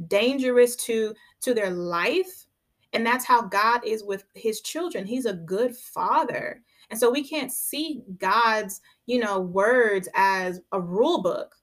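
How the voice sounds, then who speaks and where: Picture a woman with a voice pitched a little high, teaching from the Bible on her podcast in an easy, conversational way. She presses each point firmly, comes back to the same phrases, and often checks in with "right?". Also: a little slow. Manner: emphatic, keeps checking in with "right?"; drives points home by repeating phrases.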